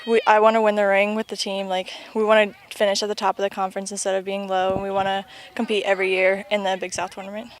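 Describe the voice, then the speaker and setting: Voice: mid-range voice, monotone, fast talker. A young freshman soccer player answering interview questions casually, with laughs between words. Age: young adult.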